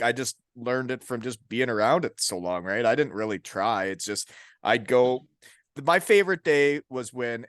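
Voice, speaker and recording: A man's voice: medium pitch, fairly bright tone, dry recording, clean studio sound. A man hosting a casual podcast interview, joking and laughing often as he acts out little scenes. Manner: jokey, laughs often, acts out quoted dialogue. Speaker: podcast host.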